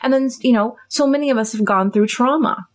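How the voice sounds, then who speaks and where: A middle-aged woman therapist hosting a podcast, explaining ideas casually and acting out little example dialogues. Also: a little fast. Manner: animated, acts out example dialogues with raised pitch.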